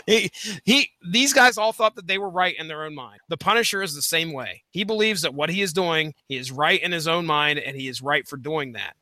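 A man co-hosting a comic book podcast in casual chat, excitable and laughing often as he talks. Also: a little high, brisk, no echo. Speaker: podcast co-host.

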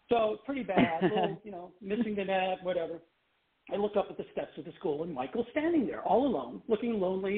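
Animated high-voiced man from Canada on a phone line. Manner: animated, laughing storyteller. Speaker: guest, former child pop singer. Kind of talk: casual interview storytelling.

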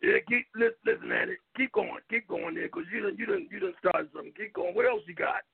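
A radio co-host talks in loose, animated banter. His voice sits very high and is thick with gravel. He comes through a tinny, phone-like line. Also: fast. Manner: loose, animated, laughs loudly. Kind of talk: casual talk radio banter.

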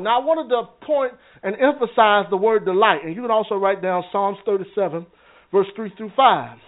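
With a high voice and moderate pace, a man leads a Bible class as a minister, keeping things conversational. He often checks in with his listeners and repeats words, and the recording has a narrow, phone-like quality.

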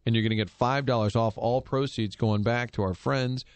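A man's voice: medium pitch, fairly even intonation, normal speed, clear, resonant tone. A man hosting a sports radio show, joking with his co-hosts and plugging sponsors in a breezy way. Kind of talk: sports radio banter and live reads.

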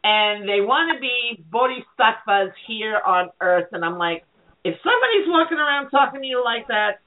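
A woman's voice: a little high, very animated, moderate pace. A woman hosting a talk radio show, chatting candidly and telling stories with animation. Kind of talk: casual chat. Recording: tinny phone-line sound.

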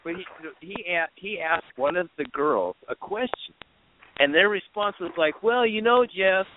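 A man calling in as a guest, telling stories in a lively way with quick restarts. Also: on the high side. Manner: animated storyteller, quick restarts. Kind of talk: casual call-in show talk. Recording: tinny phone line with faint hiss.

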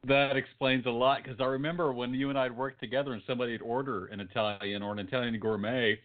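A man's voice: medium pitch, level tone, fast talker. A man co-hosting a comedy podcast, trading dry jokes in a sleepy, casual way. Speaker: podcast co-host. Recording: tinny phone-like sound.

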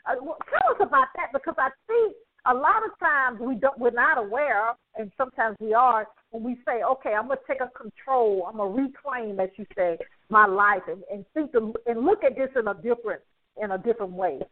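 High-pitched woman host, rambling questions, tinny line. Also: brisk. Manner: rambling, restarting phrases. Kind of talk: interview questions. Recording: tinny phone-line sound.

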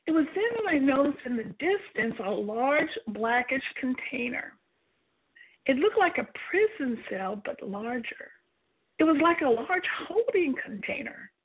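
Woman author reading her memoir aloud, high-pitched, earnest and emotional, phone-quality audio. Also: creaky, slightly rough. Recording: tinny phone-like sound.

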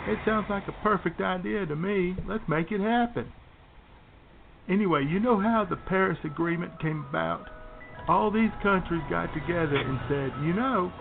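A man's voice: high voice, gravelly. A man voicing a blustering right-wing male radio pundit who rants with sneering pomposity, recorded on a tinny phone-like line.

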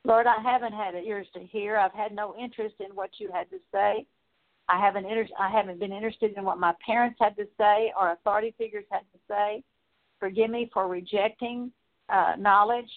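A woman's voice: medium pitch, brisk. Woman praying over a tinny line. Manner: earnest, steady listing with frequent fillers. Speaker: prayer minister. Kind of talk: spoken prayer of repentance.

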